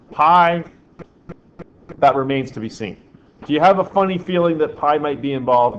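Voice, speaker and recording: A man teaching a physics class, quizzing his students and making dry joking asides. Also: mid-range voice. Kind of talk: classroom lecture. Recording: slightly dull classroom recording with faint background hiss.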